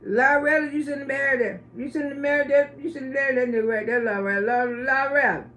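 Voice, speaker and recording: A woman's voice: sits high, steady tone, fast talker, a bit bright. Woman doing a gossipy man friend, roomy sound. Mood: warning. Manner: drawling, calls her child and sis.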